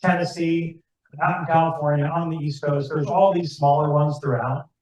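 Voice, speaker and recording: A man's voice: fairly high pitch, steady tone, normal speed, darkish tone. A man giving a rambling, chatty talk to a club audience, asking the room questions as he goes. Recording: far-off, echoey, muffled room recording.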